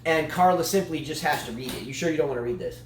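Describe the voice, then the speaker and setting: A man's voice: a little high, fast, roomy sound, slight background noise. A man co-hosting a casual tennis chat show, a long-winded, playful storyteller. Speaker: tennis channel co-host.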